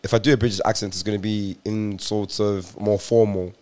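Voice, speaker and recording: A young man from South Africa co-hosting a podcast, chatting in a relaxed, laid-back way with thoughtful asides. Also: fairly low pitch, brisk. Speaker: podcast co-host. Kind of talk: casual chat.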